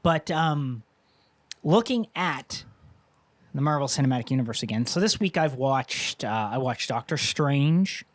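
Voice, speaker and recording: A man's voice: mid-range voice, lively intonation, a little slow, dry recording. A man co-hosting a casual talk show, rambling through a long story and acting out quotes with a raised voice. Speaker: podcast co-host. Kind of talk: casual chat.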